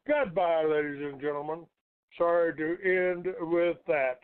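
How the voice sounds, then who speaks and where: A high-pitched man hosts a call-in radio show and shouts profanities at his callers. His voice stays smooth even as he yells. The sound is thin and phone-like. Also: a little slow, no room sound. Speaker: radio talk show host.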